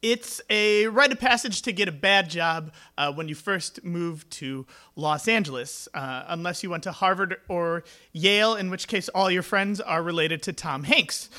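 High-voiced man telling comic stories. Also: moderate pace, hardly any pauses, pushed and bright. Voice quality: tenor voice. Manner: wry, self-mocking comic delivery. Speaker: storyteller. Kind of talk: comedic live storytelling. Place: small stage venue before an audience.

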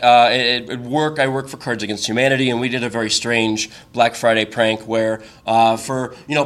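A man's voice: medium pitch, a bit bright. A man telling a comic personal story on stage, chatty and full of restarts. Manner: conversational, with frequent restarts and fillers. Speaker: storyteller at a live show. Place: stage before a live audience.

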